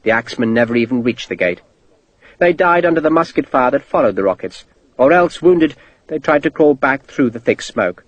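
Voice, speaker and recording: A male audiobook narrator reads a scripted story steadily and vividly at normal speed. His slightly husky voice shifts lively in pitch, and the low-quality recording is dry and close with no room sound.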